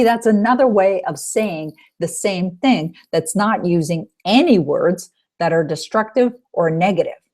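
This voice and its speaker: An upbeat woman coach teaches on an online call with a somewhat low voice. She stresses her points and keeps asking her listeners rhetorical questions. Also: darkish tone. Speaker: self-help coach.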